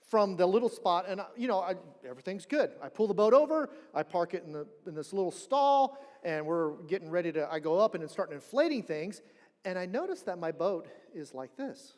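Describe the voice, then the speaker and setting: A man preaching a sermon as pastor, telling a story in an animated way and acting out the people he quotes. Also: sits high, normal speed. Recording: long church hall reverb.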